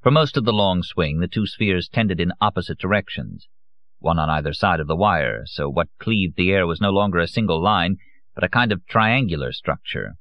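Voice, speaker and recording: A man reading a novel aloud as an audiobook narrator, in a measured, grave manner. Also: deep voice, expressive, dry recording, muffled recording.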